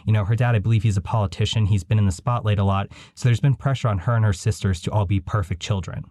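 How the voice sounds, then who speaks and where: A man's voice: lowish voice, fairly even intonation, fast talker, darkish tone, dry recording, studio quality. A man hosting a podcast, recapping films in a chatty, wry storytelling way. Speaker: podcast host. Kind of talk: casual podcast commentary.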